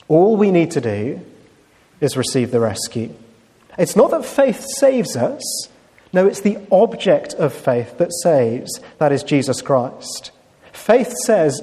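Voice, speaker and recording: A man's voice: fairly high pitch, sing-song, slow pace, warm tone, long reverb tail. Male preacher with a lightly raised voice. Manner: conversational, with fillers and rhetorical questions. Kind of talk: sermon with storytelling.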